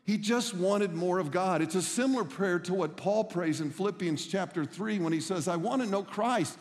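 A man's voice: high-pitched, normal speed, in a large hall. A middle-aged man preaching a sermon as a pastor, telling stories in an earnest, emphatic way.

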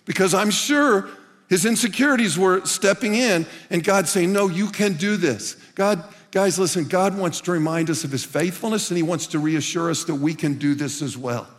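A man's voice: high voice, normal speed. A man preaching a sermon to a congregation, earnestly repeating lines for emphasis. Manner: earnest, repeats phrases for emphasis, calls listeners "guys". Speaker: pastor. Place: church hall with a congregation. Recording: long reverb of a large hall.

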